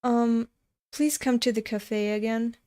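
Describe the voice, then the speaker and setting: A woman voicing a gentle, kind young woman who is a little shy and eager, with a sweet, bright delivery. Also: fairly high pitch, steady tone, slow, clear, resonant tone.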